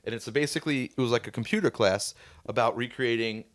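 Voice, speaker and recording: A man's voice: medium pitch, fast talker. A man hosting a casual band podcast, talking in a curious, rambling way with lots of fillers. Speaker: podcast host and band guitarist. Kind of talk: casual chat.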